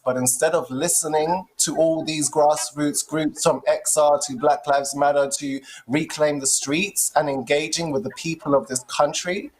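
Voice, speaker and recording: A live-stream co-host giving indignant, forceful commentary. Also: mid-range voice, poor audio. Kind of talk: impassioned commentary.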